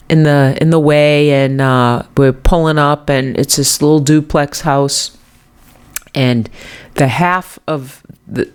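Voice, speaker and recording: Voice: medium pitch, clear, resonant tone. Rambling New England podcast host. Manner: wandering, self-correcting, chuckling often. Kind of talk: rambling casual storytelling.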